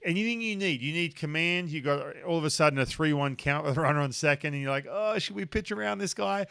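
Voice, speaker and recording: A man with an Australian accent hosting a casual sports podcast, chatty and excitable, full of restarts. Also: fairly high pitch, dry recording, clean studio sound. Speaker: podcast host.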